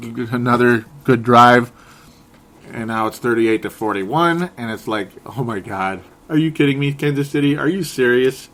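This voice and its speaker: A man hosting a sports podcast, recapping games in a casual, sarcastic and animated way. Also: mid-range voice. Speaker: podcast host.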